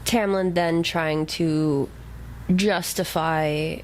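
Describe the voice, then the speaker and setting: A woman with a lowish voice talks through a novel in easygoing podcast chat. She slips into sarcastic asides and laughs easily. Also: steady tone, very slow, a little hiss or hum. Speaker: podcast co-host. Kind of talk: casual book-club chat.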